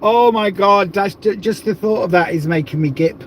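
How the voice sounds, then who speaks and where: High-voiced chatty man hosting a livestream. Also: normal speed, slight background noise. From south of England. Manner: chatty, rambling, jokey. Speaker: livestream host. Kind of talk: casual livestream chat.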